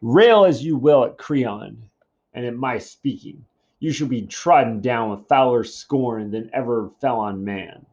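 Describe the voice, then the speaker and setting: A man's voice: medium pitch, measured pace, a little mellow. A man reading aloud as an old, blind, defiant prophet who answers a king, in a dull lo-fi recording. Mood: stern. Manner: reads the verse aloud, then slips into a casual modern paraphrase.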